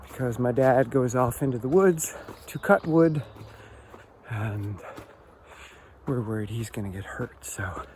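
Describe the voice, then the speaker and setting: A man's voice: mid-range voice, a little mellow, slight background noise. A man vlogging casually with a swollen cheek after oral surgery, talking candidly and reflectively to the camera while he works on a door and walks outdoors. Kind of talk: casual vlog narration. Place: outdoors and around a house under renovation.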